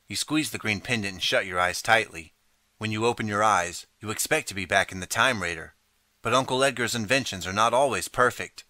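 Man narrator, interactive audiobook, low voice, sharp bright tone, dry close sound. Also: a little fast, dry recording. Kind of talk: second-person storybook narration.

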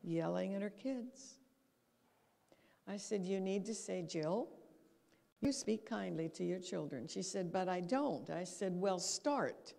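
A woman gives a talk in a church hall, her voice a little gravelly. She tells her stories with life and acts out the quotes, and the sound carries a long reverb from the hall. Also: on the low side, takes it slowly. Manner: lively storytelling, acts out quotes. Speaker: guest speaker. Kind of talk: talk on habits.

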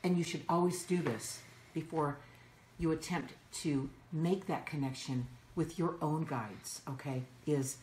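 A woman hosting a spiritual session, guiding listeners in a soothing, instructive way. Her voice sits low and she speaks unhurriedly. The room sounds echoey around her. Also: measured pace, darkish tone, a little hiss or hum. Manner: soothing, instructive, repeats cues like "okay". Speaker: host of a channeling show. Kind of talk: guided spiritual talk.

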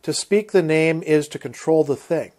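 A man reading aloud the lines of a shy, soft-spoken wizard explaining a truth earnestly. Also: a little high, moderate pace, lightly acted.

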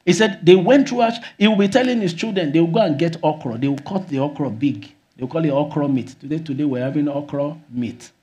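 A man preaching a sermon as pastor, often exclaiming hallelujah and rising to shouts. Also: a little high, brisk, hardly any pauses, lo-fi sound.

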